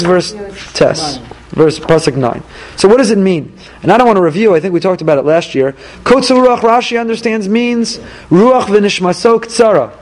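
A male rabbi teaching a weekly Torah class, animated and acting out dialogues in little quoted voices. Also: high-pitched, slight background noise.

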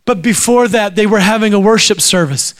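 High-voiced male preacher telling stories. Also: a little fast. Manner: acts out quoted voices while telling stories. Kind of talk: sermon storytelling.

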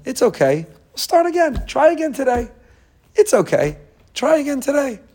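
A man voicing a gentle, forgiving father who soothes his child in soft, repeated reassurances. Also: on the high side, animated, brisk, voice pushed up. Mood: tender reassurance.

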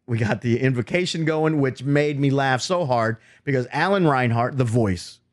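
A man on a comedy podcast telling a story in a relaxed, loose way. His voice sits in an ordinary middle pitch, and he laughs along with his co-host. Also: normal speed, dry recording, studio quality. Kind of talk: casual comedic chat.

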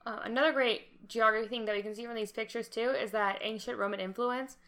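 Young podcast co-host, woman, bright tone, lively and chatty, laughs easily. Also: a little high. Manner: animated, quick laughs, chatty asides. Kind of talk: casual podcast chat.

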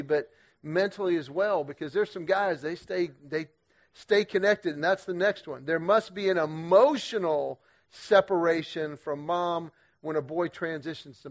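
A middle-aged man speaking to a men's group at church, energetic and humorous, with a conversational style full of quick restarts. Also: sits high. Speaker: guest speaker leading a men's group series. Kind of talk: storytelling church talk to men. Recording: dull lo-fi sound.

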